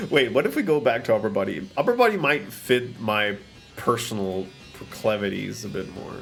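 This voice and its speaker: A man's voice: mid-range voice, sing-song, normal speed, gravelly, fairly bright tone, faint music behind. A man streaming live, chatting casually while setting up an avatar, often slipping into playful theatrical bits.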